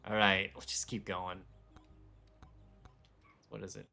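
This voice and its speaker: A man's voice: lowish voice, animated, a little slow, creaky, long pauses, pushed and bright. A man streaming a game live, chatting casually in a rambling, self-deprecating way. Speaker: gaming streamer. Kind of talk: casual live-stream chat while gaming.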